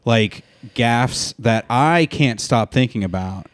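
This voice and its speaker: Man with a lively, swinging voice, dry close sound, casual co-host storyteller. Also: medium pitch, takes it slowly, dry recording. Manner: animated storytelling, swears and laughs easily. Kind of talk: casual chat.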